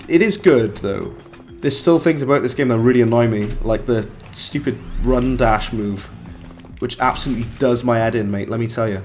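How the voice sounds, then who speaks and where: A young man giving casual, chatty live commentary while he plays a game and banters with his chat. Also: mid-range voice. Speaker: game streamer.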